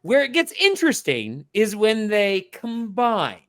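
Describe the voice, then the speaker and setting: A man on a podcast giving a casual mock lesson, talking slowly and explaining step by step with lots of fillers. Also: high-pitched, wildly swooping pitch, fairly bright tone. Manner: slow, explanatory, many fillers and restarts. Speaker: podcast co-host.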